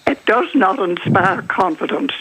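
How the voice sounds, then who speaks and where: A woman's voice: mid-range voice, lively intonation, unhurried, fairly bright tone, husky. An older woman from Northern Ireland with a Northern Irish accent, phoning in to a radio talk show, indignant and emphatic. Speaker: caller. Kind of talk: radio phone-in. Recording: phone line.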